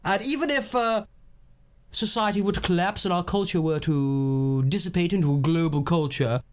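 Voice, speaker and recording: Man doing a posh young gent, plummy drawl, self-satisfied, high voice. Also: moderate pace, natural voice. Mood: pompous. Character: posh upper-class young man, languid, jet-setting.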